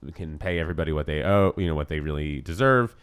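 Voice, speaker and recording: A man's voice: very deep voice, quick pace, clean tone, no room sound. A young man guest on a podcast, easygoing and wry in casual chat.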